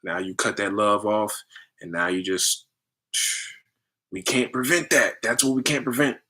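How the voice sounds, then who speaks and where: A man giving a casual spiritual talk, telling animated stories with loose slang and acting out other people in raised voices. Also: a little slow. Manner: animated storytelling, acts out others in high voices.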